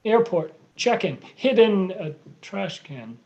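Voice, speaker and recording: A woman reading the part of a lovesick young American man in a live play reading over a video call, with a lively, dramatic rhymed delivery. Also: mid-range voice, slow pace, muffled recording. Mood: earnest.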